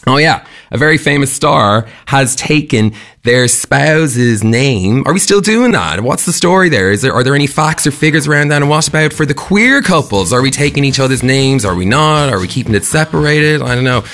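A young Irish man hosting a breakfast radio show, telling a rant with an animated, chatty manner and frequent laughs. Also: medium pitch, moderate pace, few pauses. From Ireland. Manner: animated, ranting, laughs often.

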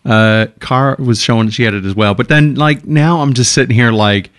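A middle-aged man, worn out by a cold, chatting loosely on a radio show. His voice sits at an ordinary pitch as he rambles through stories, trips over his words and laughs at his own expense. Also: normal speed. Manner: rambling, self-mocking, laughs often. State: sick with a cold, run down. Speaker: radio co-host. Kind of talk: casual on-air chat.

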